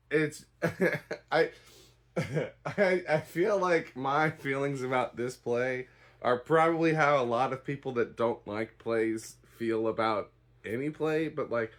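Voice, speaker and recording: A man talks through his opinion of a stage play in a loose, casual way. He rambles, hedges and restarts often, and his tone stays dry and unimpressed. His pitch sits in the middle range for a man. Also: fairly bright tone. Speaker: theatre reviewer. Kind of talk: casual spoken review.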